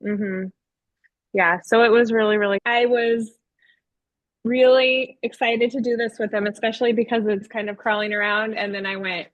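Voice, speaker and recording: A woman kindergarten teacher telling a classroom story in casual conversation, animated and playful, laughing as she talks. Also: fairly high pitch, normal speed, dry recording, lo-fi sound.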